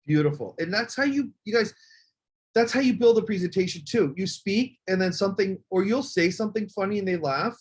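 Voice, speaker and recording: Husky, high-voiced man telling stories. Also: brisk. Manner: animated storytelling, acts out quotes. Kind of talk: casual group video call chat.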